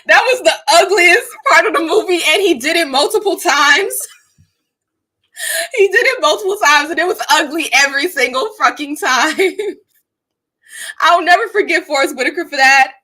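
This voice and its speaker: A woman's voice: high-pitched, expressive, normal speed, sharp tone. A woman hosting her live stream, giving emphatic, profane commentary and laughing often between points. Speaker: streamer and channel host.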